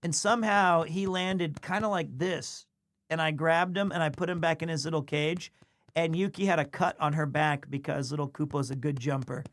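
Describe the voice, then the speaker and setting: A man's voice: fairly high pitch, steady tone, moderate pace, fairly bright tone. A man streaming live, chatting casually as he tells a rambling story and breaks off to coo at his cat. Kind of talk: casual livestream chat.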